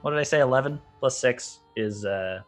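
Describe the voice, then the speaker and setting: A man playing a tabletop game, chatting casually and excitedly about his dice rolls. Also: medium pitch, moderate pace, soft background music. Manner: excitable, laughing dice-roll banter. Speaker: player.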